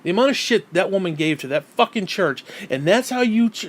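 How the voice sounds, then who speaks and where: A man with a slightly higher-than-usual voice vents in a hostile, profanity-laden rant. He talks straight to the camera with raw, unpolished anger. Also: expressive, fairly quick, hardly any pauses. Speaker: vlogger. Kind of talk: angry personal rant.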